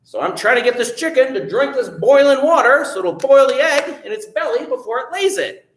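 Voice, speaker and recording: A cheerful, foolish innkeeper who is eager to please, as a man acts him out, talking brightly in a raised voice. His tone bounces with lively pitch in an echoey room. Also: fairly quick, slight background noise. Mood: matter-of-fact. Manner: cheerful, obliging. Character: overeager, foolish male innkeeper.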